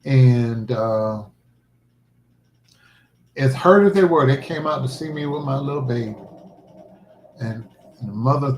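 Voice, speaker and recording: A middle-aged man hosting a livestream, telling a personal story in a halting, emotional way. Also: medium pitch, a little mellow, a little hiss or hum. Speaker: livestream host. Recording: roomy echo.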